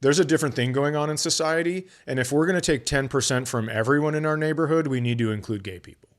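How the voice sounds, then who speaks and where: A man's voice: a little high, fast talker. A middle-aged male comedian hosting a podcast, telling a story in profane casual chat and acting out both sides of the conversation.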